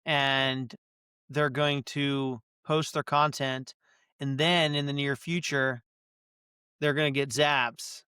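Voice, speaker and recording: A man's voice: medium pitch, level tone, slow, bright, forceful tone, smooth, no room sound, studio quality. A man co-hosting a podcast, talking casually and often repeating himself. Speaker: podcast co-host. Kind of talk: casual chat.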